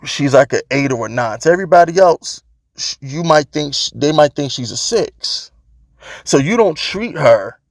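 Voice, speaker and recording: A man's voice: mid-range voice, creaky, dry recording, clean studio sound. A man vlogging about his football team, talking casually and emphatically, repeating his points to drive them home. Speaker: sports fan vlogger. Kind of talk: casual opinion rant.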